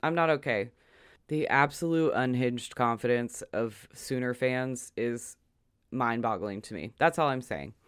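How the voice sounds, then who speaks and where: A man's voice: medium pitch, unhurried, fairly bright tone, smooth, no echo, studio quality. A young man ranting casually about a sports poll, exasperated and emphatic, his voice jumping up on punchlines. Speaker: sports commentator.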